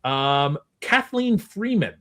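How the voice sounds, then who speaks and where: A man's voice: fairly high pitch, big pitch swings, slow, bright, forceful tone. A man hosting a podcast, rambling through movie trivia with lots of fillers in a casual chat. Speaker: podcast host running a movie trivia game.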